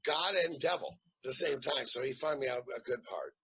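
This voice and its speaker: A man in his fifties with a bright, gravelly voice, spinning joking stories as an interview guest. His pitch swings widely, and the recording is dull and lo-fi. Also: brisk. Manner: animated joking storyteller. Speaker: actor guest. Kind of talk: casual interview chat. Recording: dull lo-fi sound.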